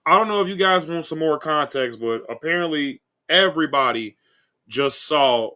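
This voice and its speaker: A man hosts a casual commentary video, talking in a rambling way full of "um" and "guys." His voice sits a little high and swings widely, with a bright, forceful edge. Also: lively intonation, moderate pace. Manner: rambling, keeps saying guys and um. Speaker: commentary channel host.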